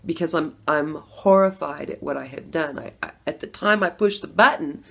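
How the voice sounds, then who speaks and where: Creaky-voiced middle-aged woman telling her story. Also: deep voice, normal speed, fairly bright tone. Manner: conversational, laughs often, acts out her reactions. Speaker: former Democrat voter telling her story. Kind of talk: casual personal testimony.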